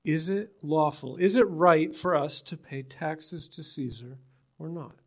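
A pastor from British Columbia, Canada, preaches at a church in Newfoundland, conversationally putting rhetorical questions to his congregation. His voice is on the high side and a little slow.

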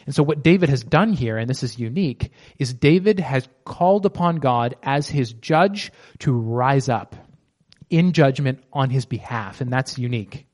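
A man's voice: medium pitch, animated, a little mellow. Man teaching scripture in a casual way. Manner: reads scripture slowly, explains with casual fillers. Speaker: Bible teacher. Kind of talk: conversational Bible teaching.

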